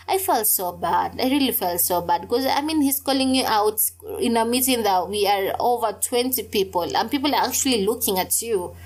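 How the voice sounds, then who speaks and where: Young woman, solo podcast host; higher voice, candid, emphatic storyteller. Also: normal speed, few pauses. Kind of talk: casual solo podcast talk.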